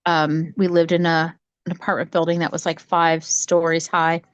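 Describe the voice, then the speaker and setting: A woman's voice: lowish voice, normal speed, clean tone, no room sound, muffled recording. Chatty woman telling a rambling story. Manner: rambling, animated, many restarts and acted quotes. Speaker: psychic medium sharing her story. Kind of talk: casual storytelling chat. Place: home, cat nearby.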